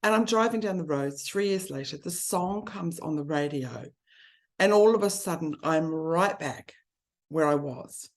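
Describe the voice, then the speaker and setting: A woman's voice: low voice, animated, unhurried. A woman, speaking earnestly and from the heart in a conversation about grief. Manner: earnest and heartfelt, speeding up when listing.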